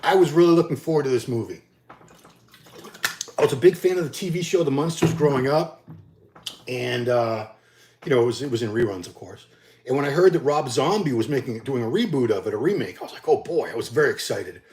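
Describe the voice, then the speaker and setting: A middle-aged man tells his viewers a story plainly and bluntly, with a voice of ordinary pitch for a man. He gets animated when he acts out what people said, then settles back into easy talk. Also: a little fast. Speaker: bodybuilding channel host.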